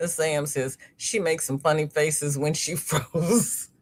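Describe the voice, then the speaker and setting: Middle-aged woman host, low voice with big swings in pitch, chatty and laughing. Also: slow. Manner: animated storyteller, laughs often. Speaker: host of a crochet livestream. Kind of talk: casual livestream chat, reading viewer comments.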